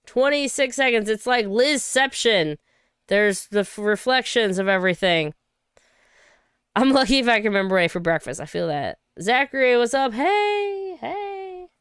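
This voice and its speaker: A woman from Saint Louis hosting a casual livestream, chatty and quick to laugh and cheer, on a close home mic. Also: medium pitch, animated, a bit bright, smooth, dry recording. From Saint Louis, USA. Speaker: livestream host.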